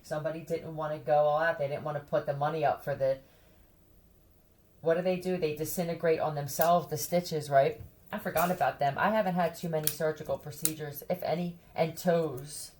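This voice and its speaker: A woman hosts a casual chat for her viewers, her voice sitting on the low side. She talks bluntly, swears freely and laughs often. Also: fairly even intonation, brisk, a little mellow. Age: adult who has a son.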